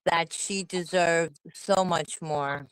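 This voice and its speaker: A woman's voice: lowish voice, fairly even intonation, takes it slowly, clean tone, dry recording, rough recording. A woman with a New York accent co-hosting a livestream, ranting angrily and swearing, with repeated rhetorical questions. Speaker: livestream co-host. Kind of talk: angry livestream rant.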